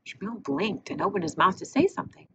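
A woman narrating an audiobook in a measured, expressive reading. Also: medium pitch. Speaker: audiobook reader. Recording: muffled with faint hiss.

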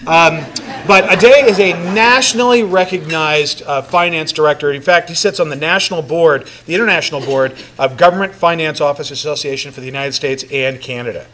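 A man's voice: fairly high pitch, fairly quick, pushed and bright. A man speaking as a mayor addressing a large banquet room, joking and conversational, with frequent fillers. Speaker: mayor giving a city address. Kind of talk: public speech to a crowd.

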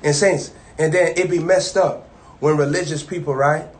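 Man, preacher, fairly high voice, informal sermon, chatty and repetitive, loud bursts then low asides. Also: steady tone, normal speed. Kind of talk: informal live-streamed sermon.

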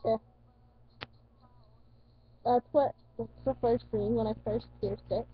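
A woman's voice: fairly high pitch, fairly even intonation, takes it slowly, slight background noise. A teenage woman vlogging in casual chat, rambling, correcting herself and swearing casually. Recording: dull lo-fi dry recording.

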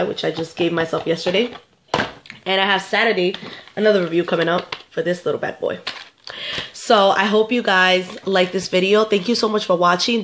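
A young woman with a stuffy, congested voice, talking casually to her camera. She gives relationship advice to her viewers in a chatty, repetitive way. Her pitch sits in the middle range. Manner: chatty, repeats herself, talks straight to viewers. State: stuffed up, getting sick. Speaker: vlogger answering viewer questions.

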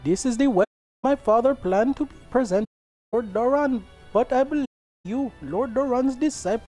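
A man's voice: very high voice, moderate pace, a little mellow, faint music behind, pitched above the performer's own voice. A man putting on a proud warrior lord with an Indian accent. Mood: formal. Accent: put-on Indian. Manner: stately, courteous.

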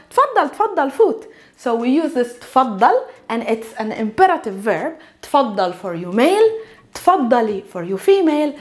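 Lively high-voiced woman teaching. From Palestine. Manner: lively, repeats words slowly for learners, checks in with "yeah?". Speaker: Arabic teacher. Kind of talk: language lesson.

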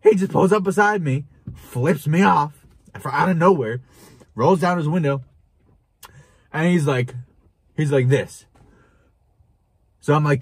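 A young man telling a wild story to camera in a casual, animated way, laughing and swearing as he goes. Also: on the high side, a little slow, long pauses, slightly rough, no room sound. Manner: animated, chuckling, swearing, with restarts. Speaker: vlogger.

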